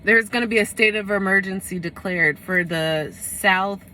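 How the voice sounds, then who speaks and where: A woman with a mid-range, bright voice speaks at normal speed in a forceful tone, with a little hiss or hum in the audio. She's a tarot reader doing a casual reading, rambling along, full of fillers, and correcting herself as she goes.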